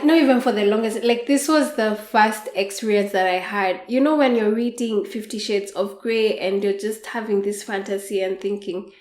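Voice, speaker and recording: Woman podcast host, frank and leisurely storyteller, slow delivery, echoey room sound. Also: medium pitch. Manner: frank, unhurried, with soft laughs. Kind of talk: candid storytelling monologue. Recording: roomy echo.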